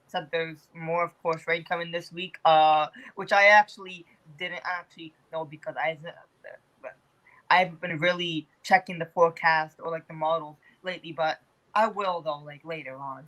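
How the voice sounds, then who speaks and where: A man's voice: a little high, fairly even intonation, moderate pace, sharp tone, low-quality recording. A young man from Toronto chats loosely on a podcast as its weather guest. He rambles, stacking fillers and restarting his sentences. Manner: rambling, many fillers, laughs often. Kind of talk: casual podcast chat.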